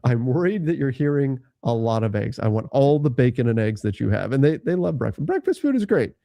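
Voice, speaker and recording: Man, casual draft-show co-host, animated pitch, warm mellow tone, dry close sound. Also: brisk, gravelly, dry recording. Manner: chatty, animated, laughs often. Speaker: podcast co-host. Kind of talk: casual live draft chat.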